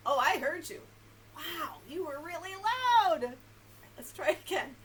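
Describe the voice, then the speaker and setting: A high, bright woman's voice that swoops all over as she hosts a children's story time. She talks in a singsong, animated way, leading little ones through rhymes and stretches, with a faint hiss under the voice. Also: normal speed. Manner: animated, singsong, leads rhymes and movement games. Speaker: children's librarian.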